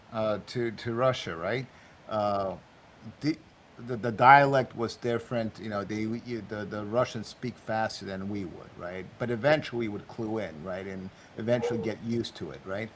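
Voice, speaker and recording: A man's voice: on the low side, unhurried, a bit bright. A man interviewing a guest, hesitant and full of fillers and false starts. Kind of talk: casual interview.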